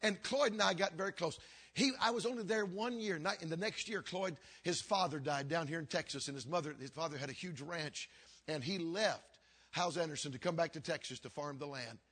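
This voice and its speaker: An older man, a pastor, telling a story in a sermon with earnest, repeating phrases that sink low and quiet. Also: brisk, slightly rough. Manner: earnest, repetitive preaching cadence that drops low and quiet.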